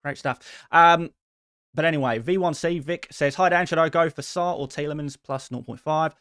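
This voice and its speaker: A man hosting a casual live stream in a friendly, quick way, reading out viewer messages and answering each one. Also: a little high, a bit bright, clean tone, no room sound, clean studio sound. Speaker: host answering viewer questions.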